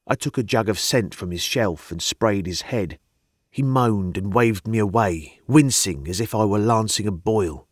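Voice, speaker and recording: Low-voiced male audiobook narrator. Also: no echo, studio quality. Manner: measured storytelling, lively intonation.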